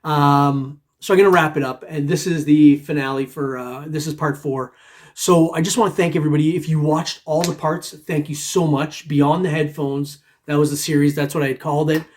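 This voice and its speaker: Speaking at a normal pace with fairly even intonation, a man with a slightly high voice hosts a metal detecting vlog. His casual talk to viewers rambles loosely, broken by frequent chuckles and constant use of "man."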